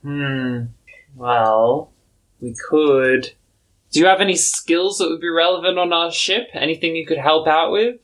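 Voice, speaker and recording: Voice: medium pitch, measured pace, fairly bright tone, natural voice. A game master voicing a brash elf woman who serves as a pirate crew's navigator. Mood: sizing up.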